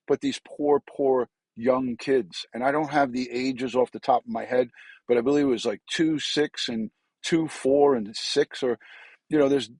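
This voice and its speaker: A man talking off the cuff on his live stream, trailing into fillers and repeated words. His voice sits at an ordinary middle pitch and sounds close and dry. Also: darkish tone, dry recording, poor audio. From New York. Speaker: retired detective hosting a live stream. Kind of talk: casual live-stream commentary.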